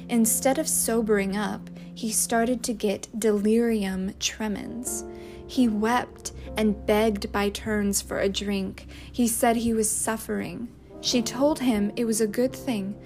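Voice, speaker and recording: A woman narrating a novel chapter in a measured, unhurried reading. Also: medium pitch, darkish tone. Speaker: audiobook narrator. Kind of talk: scripted storybook narration.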